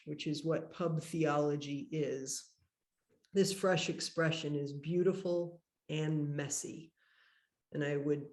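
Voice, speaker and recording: A woman priest giving a workshop talk, telling a personal story in a reflective, measured way. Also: sits low, roomy sound. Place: conference workshop room.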